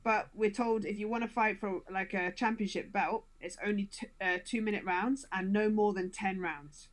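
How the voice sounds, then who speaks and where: A woman's voice: medium pitch, steady tone, normal speed. Chatty woman with a standard British accent. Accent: southern English, standard British. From Scotland. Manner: chatty, laughs often, fillers like "like". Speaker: podcast guest, boxer. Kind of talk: casual podcast chat. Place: home, during lockdown.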